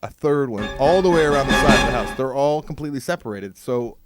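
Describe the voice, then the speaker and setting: A man co-hosting a casual podcast, telling a long story with lots of swearing and sudden jumps in pitch. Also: animated, fast talker, over loud music. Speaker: podcast co-host. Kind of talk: casual chat.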